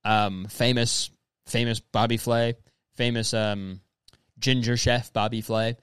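A man's voice: mid-range voice, little pitch movement, takes it slowly, fairly bright tone, smooth, dry recording. A young man hosting casual comedic commentary, reading messages aloud and riffing on them in a profane, rambling way, often putting on mocking voices. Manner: profane, rambling, says "dude" constantly; mocking, slips into exaggerated quoted voices.

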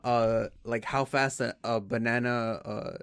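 A man's voice: mid-range voice, steady tone, measured pace, creaky, fairly bright tone, clean tone, no room sound, clean studio sound. A young man in casual chat, rambling and hesitant with many fillers.

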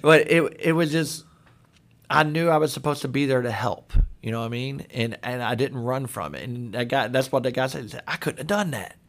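A man on a podcast, a guest telling stories in casual chat. He acts out the people in his stories in lively voices. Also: medium pitch, brisk. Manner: animated storyteller acting out quoted voices. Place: studio.

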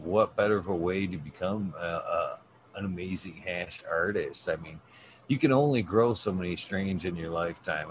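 A man in relaxed conversation, earnest and full of fillers. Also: deep voice, a little hiss or hum. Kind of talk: casual conversation.

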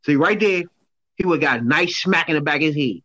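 A man's voice: fairly high pitch, brisk, dry recording, highs cut off. A man co-hosting a casual chat, riffing in street slang and laughing in disbelief. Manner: animated, laughing, incredulous outbursts in slang.

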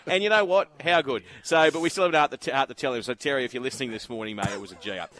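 A bright-toned Australian man tells a long, rambling yarn over the air, laughing his way through it. His voice is mid-pitched and forward, with a relaxed pub-chat ease. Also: very fast, hardly any pauses. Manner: rambling anecdotes with frequent laughs. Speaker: racing presenter on the road. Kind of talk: casual radio chat, storytelling.

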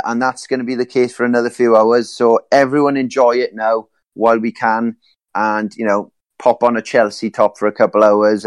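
A man's voice: medium pitch, dry recording. A man co-hosting a football podcast, talking casually in rambling turns full of fillers and restarts. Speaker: podcast co-host.

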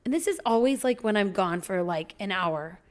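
A woman chatting casually about her young children, telling lively stories with plenty of swearing. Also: medium pitch, moderate pace. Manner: animated storytelling, swearing, imitating her toddlers. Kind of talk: casual chat about their kids.

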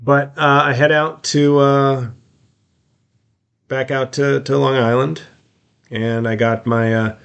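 A man's voice: mid-range voice, level tone, slow, creaky, long pauses, a bit bright, clean tone, highs cut off. A man hosting a podcast, telling a long personal story in a casual monologue, full of fillers and restarts. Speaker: podcast host, comedian.

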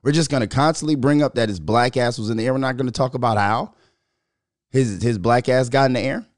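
A man hosting his own podcast, talking sports in a loose, profane style, often laughing and getting loud. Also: mid-range voice, brisk, no echo, studio quality. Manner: loud, animated, laughing, swears a lot. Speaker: podcast host. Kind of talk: casual profane sports commentary.

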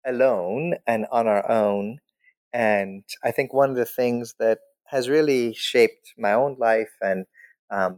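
A middle-aged man, a scholar, telling his own story in a casual way. He is animated and laughs often, and his pitch jumps high when he quotes himself.

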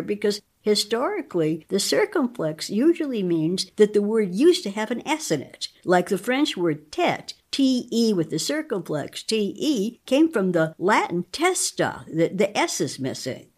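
A woman's voice: mid-range voice, very animated, measured pace, hardly any pauses, husky. An older woman, a psycholinguist guest, reading strange names aloud and explaining them in a thoughtful, scholarly, playful way.

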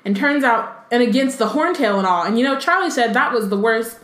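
A woman's voice: a little high, lively intonation, fairly quick, fairly bright tone. Casual female podcast co-host, filler-heavy chat mixed with read-aloud, roomy sound. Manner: chatty, many fillers, breaks into reading.

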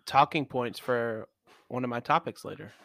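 Bright-voiced laughing man. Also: mid-range voice, moderate pace, no echo, clean studio sound. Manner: laughs often, blunt and profane. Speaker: podcast co-host. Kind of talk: casual chat.

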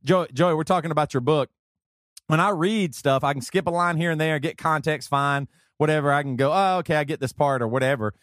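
Rambling Southern man, higher voice. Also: a little fast, no room sound, clean studio sound. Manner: rambling, excitable, laughs often. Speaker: podcast host. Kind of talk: casual chat.

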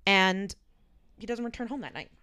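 A woman's voice: mid-range voice, moderate pace, clear, resonant tone, no room sound. A woman co-hosting a podcast, casually telling a true-crime story and reading old newspaper accounts. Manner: lively storyteller, acts out quoted voices. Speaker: podcast co-host.

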